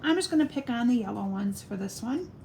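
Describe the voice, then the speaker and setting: A woman's voice: a little high, lively intonation, a little fast, a little mellow, a little hiss or hum. A middle-aged woman demonstrating card making on a live stream, chatting and answering viewer comments as she works. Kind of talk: live-stream craft demo.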